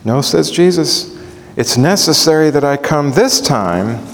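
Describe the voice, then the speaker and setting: A man's voice: on the high side, a little slow, gravelly, a little hiss or hum. A male preacher teaching from the Bible, asking questions as he goes. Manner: animated, asks the audience questions. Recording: echoey hall.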